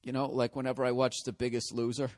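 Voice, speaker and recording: A man's voice: mid-range voice, flat delivery, quick pace, no room sound. A man in his forties with a Boston accent, hosting a podcast alone, telling profane, self-mocking stories with lots of restarts. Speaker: podcast host. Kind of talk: casual rambling monologue.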